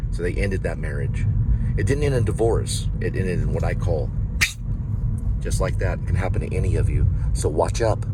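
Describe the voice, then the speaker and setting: Deep-voiced man rambling in a car. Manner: ranting, rambling, shifts between muttering and raised voice. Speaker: vlogger. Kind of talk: rambling monologue while driving. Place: car at night. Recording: noisy in-car recording. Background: road and engine noise.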